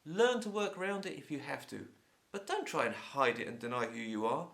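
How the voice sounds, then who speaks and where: Gravelly Home Counties Englishman, stuffy-nosed. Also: medium pitch, brisk. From England. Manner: chatty, opinionated, lively. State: sore throat and blocked nose. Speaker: English teacher. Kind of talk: casual talk to camera.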